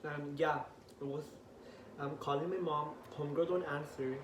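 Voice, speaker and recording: A teenage young man with a slightly high voice recounts a story for his vlog, animated and profane. He acts out each quoted line with heat. The room rings around him, and a faint hiss sits under the voice. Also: moderate pace. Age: teens. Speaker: vlogger. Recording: echoey room, voice a bit off-mic, faint hiss.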